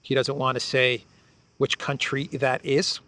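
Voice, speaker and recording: A man hosting a political commentary show, talking off the cuff in a lively monologue, laughing in disbelief and repeating himself as he restarts his sentences. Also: medium pitch, unhurried, no room sound. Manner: animated, laughs incredulously, repeats words and restarts often.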